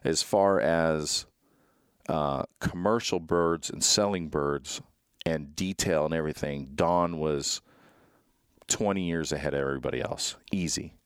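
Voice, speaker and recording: A man with a low, resonant voice hosts a casual chat. He rambles through his stories with frequent restarts. The sound is dry and close. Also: smooth, no echo. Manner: rambling storyteller, quick repeated restarts. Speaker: podcast host.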